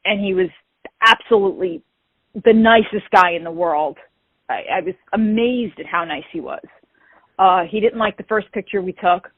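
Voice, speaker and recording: A woman, telling an animated story as an interview guest and acting out the quoted dialogue. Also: mid-range voice, normal speed, no room sound. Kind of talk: casual storytelling. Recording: tinny phone-like call audio.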